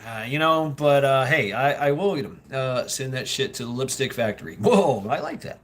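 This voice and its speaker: A man's voice: medium pitch, expressive, normal speed, a bit bright. A Southern man hosting a livestream, talking casually in a rambling, profane way with lots of laughter. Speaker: livestream host.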